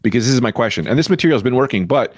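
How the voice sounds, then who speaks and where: A man co-hosting a comedy podcast over a video call, playful and quick to laugh. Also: medium pitch, no room sound, clean studio sound. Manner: playful, lively, laughs often. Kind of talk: casual comedic chat.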